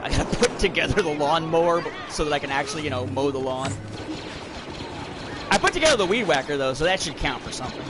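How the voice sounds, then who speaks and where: Host: man in his thirties, rambly, talks to chat mid-match, bit high-pitched, game audio loud behind. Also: lively intonation, fast, noisy background. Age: 30s. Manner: rambling, talks to chat while playing a shooter. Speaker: livestream podcast host. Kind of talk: casual chat while gaming. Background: shooter game audio.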